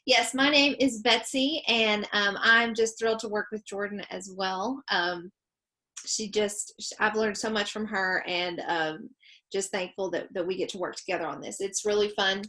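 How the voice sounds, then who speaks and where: A woman's voice: mid-range voice, fairly even intonation, moderate pace, pushed and bright. A woman co-hosting a webinar from home over a video call, upbeat and chatty, with frequent ums and laughs. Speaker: webinar co-host. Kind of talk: casual presentation.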